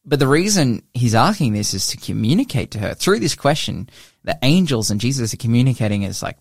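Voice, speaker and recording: A man's voice: mid-range voice, very animated, fairly quick, gravelly, breathy edge, no echo, clean studio sound. A young man co-hosting a casual Bible discussion, enthusiastic and full of "like" and "you know.". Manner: enthusiastic, filler-heavy, says like and you know. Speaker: podcast co-host.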